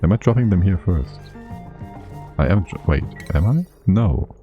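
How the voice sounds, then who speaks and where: A man's voice: deep voice, animated, a little slow, narrow, tinny audio, soft background music. A man giving casual, chatty livestream commentary on a game, thinking aloud and laughing often. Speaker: streamer.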